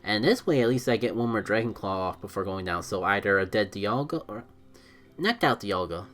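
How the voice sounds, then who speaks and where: A man streaming a mobile game, giving live commentary as he thinks out loud about his moves and is quick to blame himself. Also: lowish voice, faint music behind. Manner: excitable, thinks aloud, self-critical.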